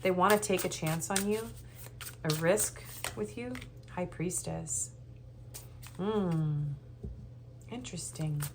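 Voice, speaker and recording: A woman's voice: fairly low pitch, slow pace, pauses often, slight background noise. A woman giving a tarot reading, talking in a rambling, hesitant way with many ums, and sounding nervous. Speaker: tarot reader. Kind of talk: casual tarot reading monologue.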